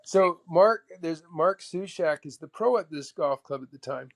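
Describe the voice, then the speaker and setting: Man from canada, guest golfer, gravelly voice, somewhat high, lively anecdotes. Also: normal speed. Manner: animated anecdote teller, acts out the voices of others. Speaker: guest, former tour golfer. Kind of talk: casual storytelling interview.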